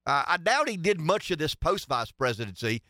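A man's voice: on the high side, big pitch swings, normal speed, sharp tone, dry recording, studio quality. A man in his sixties hosting political talk radio, rambling emphatically with many restarts. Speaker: radio talk show host.

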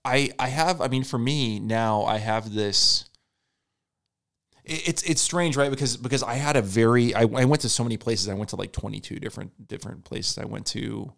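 A man and stand-up comedian in casual podcast chat, rambling, repeating words, swearing and quoting people in quick asides. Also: medium pitch, creaky, a bit bright.

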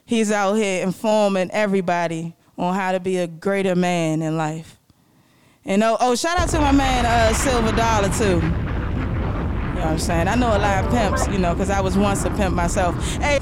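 A woman hosting a live radio show, telling a story with loose, animated slang-heavy delivery. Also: mid-range voice, moderate pace, heavy background noise. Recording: music playing behind.

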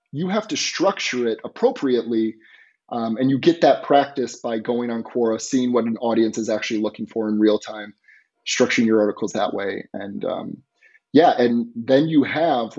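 Male podcast guest, mid pitch, explanatory and filler-heavy, muffled lo-fi audio. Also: darkish tone. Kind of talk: casual podcast interview.

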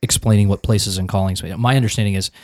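A low-pitched American man talks through a point of church doctrine in casual conversation. He stops and restarts often, repeating small words while he searches for the next one. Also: steady tone, darkish tone. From United States. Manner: halting, many restarts, thinking aloud. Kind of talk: casual theological discussion.

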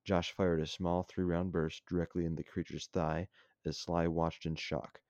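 A man with a very low, dark voice reads his own story aloud in a dry, offhand way, pausing to redo flubbed lines. The sound is close and dry, and a bit dull and lo-fi. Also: flat delivery, dry recording. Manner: casual, dry, stops to retake lines. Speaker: podcast host and story reader. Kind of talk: reading a self-written story aloud.

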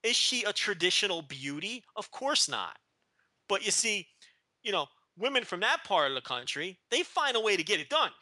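A man's voice: high voice, very animated, moderate pace, sharp tone, no echo. A man from Texas co-hosting a wrestling podcast, joking and teasing in casual rambling chat. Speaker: podcast co-host.

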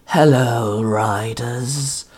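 A man's voice: mid-range voice, very slow, a little mellow, breathy edge. A man voicing a possessed male ice spirit, a menacing villain who sneers and cackles in a storybook reading. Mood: sneering.

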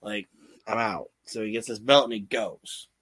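A man hosting a casual podcast, retelling events with lively storytelling, loose swearing and acted-out quotes, on a close microphone. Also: fairly low pitch, moderate pace, breathy edge, dry recording. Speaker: podcast host recapping wrestling shows.

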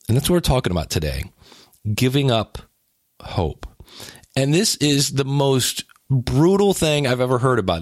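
A man's voice: medium pitch, no room sound, studio quality. A man talking casually about exercise and weight loss, with joking, self-deprecating asides and frequent restarts. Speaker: health and weight-loss talker. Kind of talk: casual monologue.

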